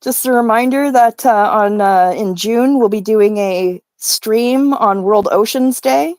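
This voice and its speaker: A woman from Canada co-hosting a casual livestream chat, playful and quick to joke. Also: a little high, a little mellow, dry recording. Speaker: co-host.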